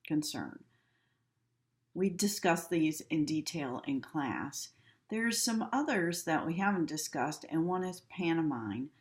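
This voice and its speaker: Woman teacher recording a class at home, slow-paced, demonstrative. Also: low-pitched, very animated. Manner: slow, demonstrative, acts out tones and gestures.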